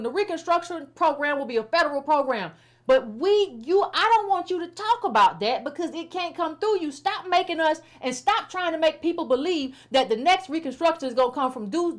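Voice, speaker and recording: Blunt, high-voiced woman commentator. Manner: blunt, repetitive, exasperated criticism with informal speech. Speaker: political commentator. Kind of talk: casual commentary.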